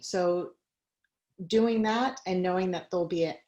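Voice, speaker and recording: Woman, guest speaker, video call talk, conversational, slightly low pitch. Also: measured pace, warm tone, dull audio. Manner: conversational, personal stories, light laughs.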